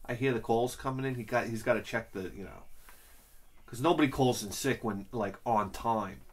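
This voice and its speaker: A man's voice: mid-range voice, moderate pace, husky. A man talking casually on camera, rambling from one joke to the next with a loose, off-the-cuff delivery. He swears freely and sounds like he is chatting with his viewers. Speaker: channel host. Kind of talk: casual comedic rant.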